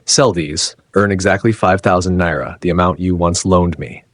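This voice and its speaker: A patient, wise wife speaks in measured, firm sentences, voiced by a man. The voice sits very low with a husky grain, and the recording is close and dry. It suits a narrated story. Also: fairly bright tone, dry recording.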